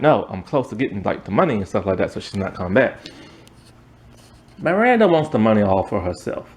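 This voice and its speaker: Animated man recapping a show. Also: mid-range voice. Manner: animated, acts out characters' lines in quick asides; exasperated rising outbursts. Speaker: show reviewer. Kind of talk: casual recap and review.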